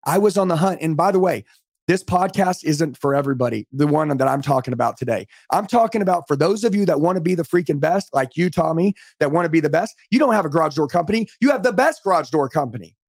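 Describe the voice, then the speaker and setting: Fired-up middle-aged guy on a podcast call, rapid fire talk, dry close sound. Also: fairly high pitch, animated, darkish tone, breathy edge, no echo. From United States. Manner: fervent, motivational, emphatic. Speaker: podcast guest, sales trainer. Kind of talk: energetic storytelling on a podcast call. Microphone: remote call.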